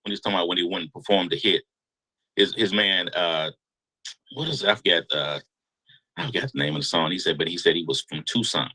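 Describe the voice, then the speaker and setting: A man telling a long story in a casual interview, animated and slangy. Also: sits low, brisk, husky, low-quality recording. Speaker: guest storyteller.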